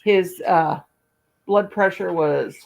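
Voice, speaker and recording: Gravelly low-voiced woman rambling folksy stories. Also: slow, rough recording. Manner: rambling, folksy, talks in long run-on anecdotes. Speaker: crochet channel host. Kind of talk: casual storytelling chat.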